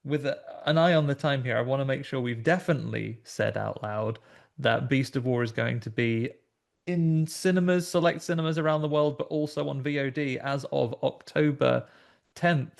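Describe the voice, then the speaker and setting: Gravelly British podcast host. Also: male voice, mid-range voice, normal speed. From Britain. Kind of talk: interview questions.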